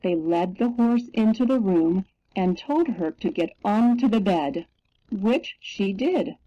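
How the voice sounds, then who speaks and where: A woman reading a picture book aloud in a slow, expressive storytelling manner. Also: medium pitch. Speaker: storybook reader. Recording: dull lo-fi recording.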